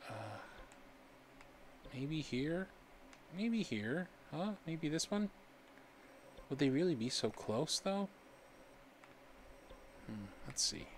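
A gaming streamer casually comments on his let's-play, joking playfully and talking to himself as he plays. His voice is on the high side and sing-song, slow with long pauses, and there's a little hiss or hum.

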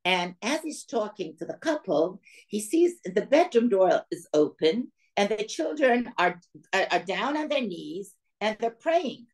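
A woman's voice: medium pitch, unhurried. An older woman from the former Soviet Union, a guest speaker telling her life story to a women's audience and acting out the dialogue as she goes. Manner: lively storyteller who acts out quoted dialogue.

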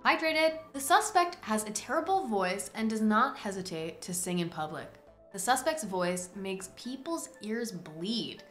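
Bright-voiced woman judging a game. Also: medium pitch, very animated. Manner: theatrical, quick swings into loud exclamations. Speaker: streamer playing a courtroom judge game. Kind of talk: playful gaming commentary. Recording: roomy echo with faint music.

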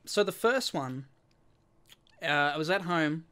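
A man's voice: a little high, animated, takes it slowly, bright, forceful tone. An Australian man co-hosting a podcast, casually telling a long story with lots of repeated words and casual swearing. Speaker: podcast co-host.

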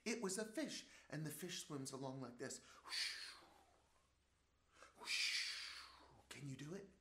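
A man's voice: a little high, lively intonation, slow pace. A man teaching a music class for small children, playful and leading call-and-response. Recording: roomy sound with loud music. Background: drumming and music.

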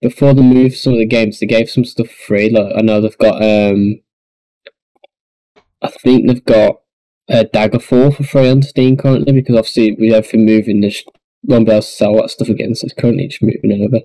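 A man co-hosting a podcast, chatting in a relaxed, offhand way with some hesitation. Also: on the low side, brisk, no room sound, low-quality recording. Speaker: podcast co-host. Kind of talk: casual podcast chat.

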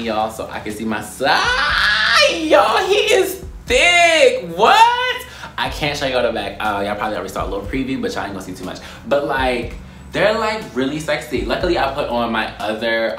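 A young man in a casual vlog, talking in a playful, slangy way and often breaking into high squeals. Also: fairly bright tone. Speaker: YouTuber.

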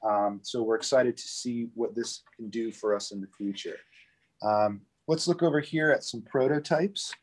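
A man of ordinary middle pitch walks viewers through a microphone factory indoors. He explains the engineering in a casual, conversational way, often pausing with "um" and checking in with "right?". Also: low-quality recording. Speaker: factory tour guide. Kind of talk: live virtual factory tour explanation.

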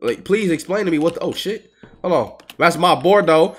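A young man giving casual gameplay commentary as a streamer, full of profane trash talk aimed at his opponents and quick bursts of excitement. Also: on the high side. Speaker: gaming streamer.

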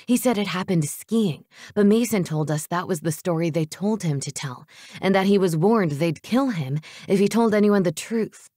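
A woman voicing an anxious, earnest young man who speaks in hushed, urgent tones, in a storybook reading. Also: lowish voice, expressive, moderate pace, dry recording, studio quality. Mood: somber. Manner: hushed, urgent, fearful whispering.

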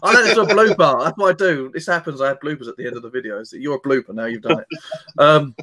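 A man's voice: fairly high pitch, quick pace, pushed and bright. A man hosting his own interview channel, chatty and self-deprecating, telling stories in a loose casual style. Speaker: channel host.

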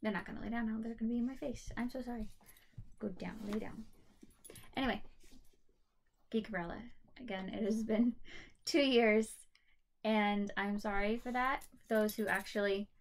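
A woman's voice: fairly high pitch, fairly even intonation, normal speed, pauses often. A woman hosting a casual home video from her bedroom, chatting in a rambling, apologetic way before reading a novel aloud. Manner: rambling, apologetic, self-deprecating. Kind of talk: casual chat and book reading. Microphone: computer camera mic.

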